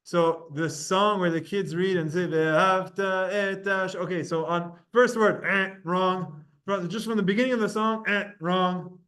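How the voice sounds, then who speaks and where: Male teacher, slightly raised pitch, relaxed and repetitive, leading a study class. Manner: casual, repetitive, explains pronunciation by example; chants verses slowly. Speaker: Torah teacher.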